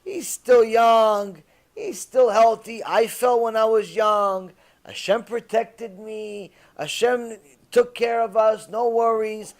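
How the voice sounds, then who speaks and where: Guy doing a fussy old lady, high and wailing, drawn out slow. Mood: reassuring. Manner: fervent, wailing. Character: fussing older woman, loud and pious.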